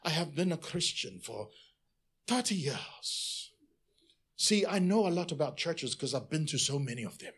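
A man voicing a smug longtime churchgoer who lectures his pastor in a drawn-out, condescending way. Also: fairly high pitch, lively intonation, a bit bright, breathy edge.

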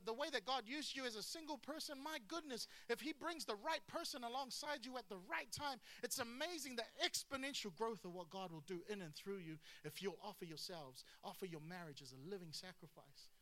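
A man preaching a lively sermon with humor and asides. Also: very high voice, a little fast, few pauses. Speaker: pastor.

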